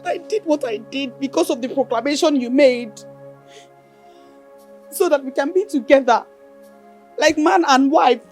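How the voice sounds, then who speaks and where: A woman's voice: high-pitched, moderate pace, pauses often, darkish tone, faint music behind. A woman with a Nigerian English accent playing a scheming widow, insistent and obsessive.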